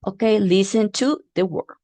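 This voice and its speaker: A woman teacher giving a demo phonics lesson, patiently repeating words slowly and clearly and encouraging her learners. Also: mid-range voice, dark tone, no room sound.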